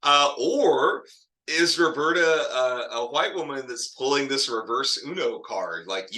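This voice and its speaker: A man's voice: medium pitch, animated, unhurried, bright, forceful tone. A man teaching a literature lesson in a casual, digressive way, often chuckling at the story. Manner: chatty, digressive, laughs often. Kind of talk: casual classroom lecture.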